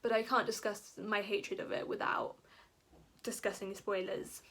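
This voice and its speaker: A woman book vlogger giving a casual, ranting review. She talks in an animated, exasperated way, with lots of "like". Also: mid-range voice, unhurried. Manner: animated and exasperated, heavy use of "like".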